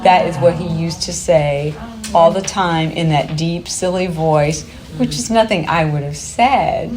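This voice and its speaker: A woman presenting a workshop to a live group, talking in a chatty, upbeat way and laughing easily. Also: lowish voice.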